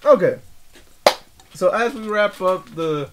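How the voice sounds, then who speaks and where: A man's voice: high-pitched, animated, slow pace, heavy background noise. A young man co-hosting a podcast, chatting casually, joking and swearing, laughing often. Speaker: podcast co-host. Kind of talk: casual chat.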